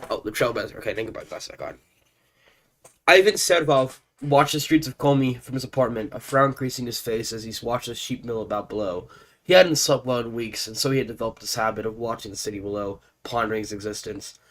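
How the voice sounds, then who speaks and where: A man streaming a strategy game, reading its story text aloud and chatting excitably, stumbling over names, stuffed up with allergies. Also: mid-range voice, fairly quick. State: congested with allergies.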